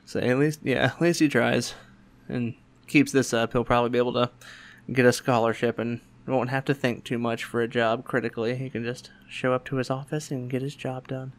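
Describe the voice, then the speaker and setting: Animated storytelling man. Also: fairly quick. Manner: animated, acts out quotes in higher voices, laughs often. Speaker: podcast host. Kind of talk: casual storytelling chat.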